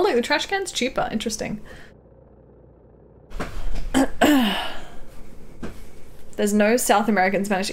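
A woman's voice: mid-range voice, slight background noise. A young woman streaming a farming game, chatting and giggling as she reads out her viewers' messages. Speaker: livestreamer. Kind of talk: casual gameplay chat with viewers.

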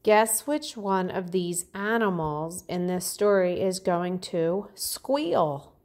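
A woman kindergarten teacher reading a picture book aloud to young children, talking clearly and encouragingly. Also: on the low side, takes it slowly, a little mellow. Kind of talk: storybook read-aloud lesson for children.

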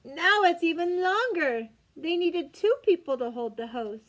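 A woman's voice: very high-pitched, animated, a little slow, few pauses. A young woman, a teacher, reading a picture book aloud to young children with gasps and exaggerated sing-song wonder. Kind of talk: read-aloud storytime.

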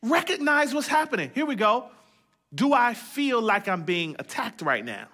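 A male pastor preaching with a high, bright, forceful voice. He talks in a loose, conversational way, joking with the congregation and repeating lines for emphasis. His prayers come out in short, emphatic phrases. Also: very animated, moderate pace. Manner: conversational preaching with humor and repetition. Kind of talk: sermon.

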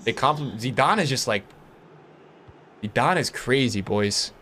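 Excitable young man streaming a game. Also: mid-range voice, measured pace, a little hiss or hum. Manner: excitable, swears a lot, talks to chat. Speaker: gaming streamer. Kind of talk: casual gameplay commentary.

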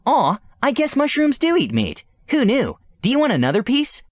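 A man puts on a spirited young princess from a storybook adventure, raised well above his own pitch. She sounds bouncy and impulsive, with a lively, swooping melody. The voice is dry and close. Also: fairly quick, no echo. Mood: eager, playful. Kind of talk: storybook role-play reading.

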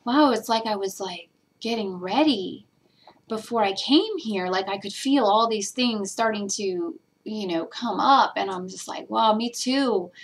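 A spiritual vlogger talks casually and earnestly about meditation, her mid-range voice at a measured pace. She becomes emotional and teary, rambling with plenty of fillers.

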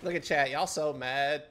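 A man's voice: fairly high pitch, bright, forceful tone. A young adult man streaming a game live, trash-talking and teasing his chat with a lot of swearing. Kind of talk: live-stream gameplay commentary.

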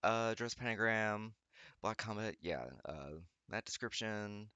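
Reading fan fiction aloud, a young man keeps interrupting with sarcastic, mocking commentary, laughing often and tripping over words. His voice is on the low side, measured, sharp, clear, and resonant, with no room sound.

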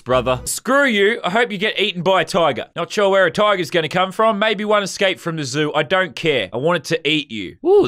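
A brash Australian man doing excitable, profane reaction commentary. His voice is pitched high and swings widely in pitch. He jumps between mock-serious asides and shouted outbursts. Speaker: YouTuber.

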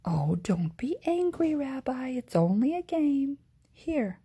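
A woman voicing a kindly, fussy old grandmother in a whispered role-play, soft, doting and chatty. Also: sits high, very animated, slow pace, slightly rough, pitched above the performer's own voice, heavily acted. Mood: cheerful.

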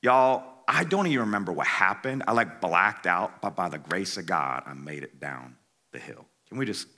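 A man speaking at a youth conference, telling a humorous story in casual slang, swinging from loud to hushed and talking straight to the crowd. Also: low voice, moderate pace. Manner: animated, dramatic swings between loud and hushed.

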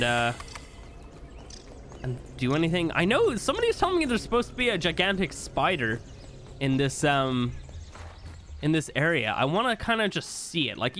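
Guy doing let's play commentary, kinda high voice, bouncy pitch, rambly with lots of ums. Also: fairly bright tone, a little hiss or hum. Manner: chatty, filler-heavy thinking aloud. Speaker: gaming video creator.

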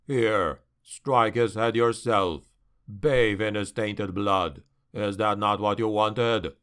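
A man voicing a scornful, deep-voiced dark elf warlord. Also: takes it slowly, clean tone.

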